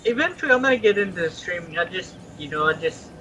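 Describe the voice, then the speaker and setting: A man's voice: sits high, animated, quick pace, noisy background. A man chatting easygoingly with gaming friends over voice chat.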